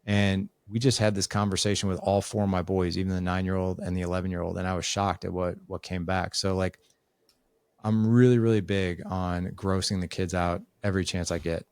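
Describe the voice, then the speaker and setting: A middle-aged man with a very deep voice, speaking as a podcast guest. He tells family stories and slips into the voices of the people in them. The recording is dry and close. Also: flat delivery, fairly quick, darkish tone, clear, resonant tone, no room sound. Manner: storytelling, acts out family dialogue. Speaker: guest, author and father. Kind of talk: conversational podcast interview.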